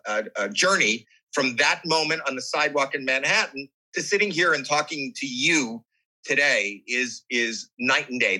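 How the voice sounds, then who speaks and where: A man being interviewed, telling a personal story in conversation, animated and emotional, with frequent restarts. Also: mid-range voice, slightly rough, low-quality recording. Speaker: guest.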